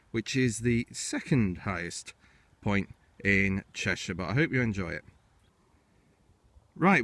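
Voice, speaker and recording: Man, friendly outdoor walk guide, chatty route directions, relaxed vlog commentary. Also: medium pitch, no room sound. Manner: chatty, friendly, starts steps with "right". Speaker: hiking vlogger and walk guide. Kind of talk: casual walking commentary. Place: outdoors on windy hills.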